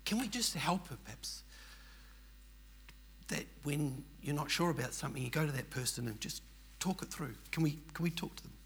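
A man's voice: fairly high pitch, fast talker, creaky, slightly rough. An older man with an Australian accent, telling a personal story in an earnest, rambling, emphatic way. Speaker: churchgoer telling his story.

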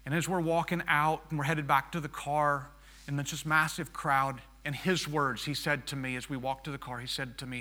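Bright-voiced man telling a lively sermon story. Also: a little high, moderate pace. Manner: animated storyteller who acts out the dialogue and turns soft and hushed for reflection. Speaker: missionary pilot preaching.

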